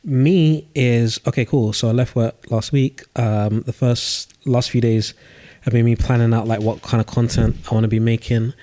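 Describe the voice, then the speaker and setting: A man's voice: medium pitch, steady tone, moderate pace, dark tone. A man, co-hosting a podcast in casual, easygoing chat and wrapping up the episode. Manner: easygoing, short agreeing replies. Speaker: podcast co-host.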